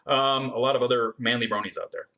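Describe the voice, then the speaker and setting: Building guitars on a casual livestream, a man reads chat questions aloud and answers them chattily, with plenty of ums. His average-pitched voice is pushed and bright, quick, with fairly even intonation.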